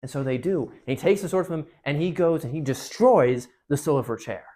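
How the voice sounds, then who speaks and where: Casual, animated church storyteller. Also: medium pitch, brisk. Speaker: speaker at a parish gathering. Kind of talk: retelling a story to a group.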